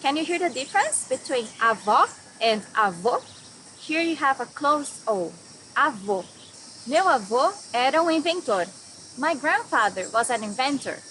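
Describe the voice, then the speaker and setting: A young woman from Brazil teaching a vocabulary lesson, saying each word slowly before giving its meaning. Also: high-pitched, big pitch swings, fairly bright tone, slight background noise, low-quality recording. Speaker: language teacher.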